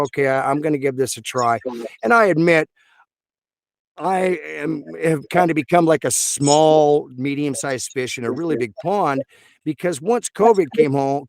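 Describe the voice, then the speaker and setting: A man's voice: a little high, no echo. A man who works as a voice actor, chatting casually in an interview in a rambling way, full of fillers. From Texas. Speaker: voice actor guest.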